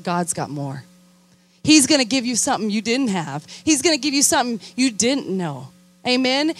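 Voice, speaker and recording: A young woman youth minister preaching with animated emphasis, her voice pitched a little high. She drives her points home and keeps calling for responses from her listeners. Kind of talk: sermon.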